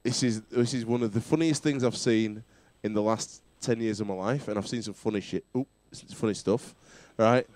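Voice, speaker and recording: A man's voice: on the low side, normal speed, hardly any pauses, a little mellow. A man hosting a casual rugby chat show, bantering and laughing often. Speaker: talk show host.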